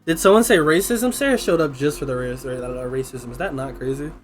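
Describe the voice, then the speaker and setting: A woman streamer giving casual, profane, excitable commentary packed with fillers while she plays. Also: a bass voice, fairly quick, faint music behind.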